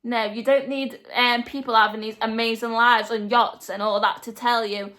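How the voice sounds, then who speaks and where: A woman's voice: a little high, fairly even intonation, normal speed, fairly bright tone. A young woman talking straight to her viewers in a motivational vlog, earnest and direct, hammering points home by repeating them. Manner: earnest, direct, emphatic repetition. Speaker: vlogger. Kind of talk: motivational talk to camera.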